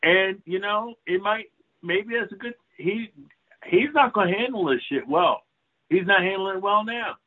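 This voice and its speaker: An excitable, profane man co-hosting a casual political talk show, his husky voice sitting a little high. He comes through a tinny, phone-like line. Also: normal speed.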